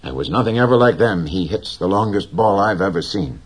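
A man playing a proud old fisherman in an audiobook, deep and husky, speaking slowly and with quiet dignity. The voice rises and falls with plenty of movement despite its gentle calm. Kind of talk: audiobook character reading.

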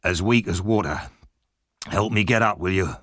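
A man doing a gruff, ill-tempered thief. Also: sits low, normal speed, a bit bright, dry recording. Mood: surly. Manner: gruff, demanding. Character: rough, bad-tempered sick male thief.

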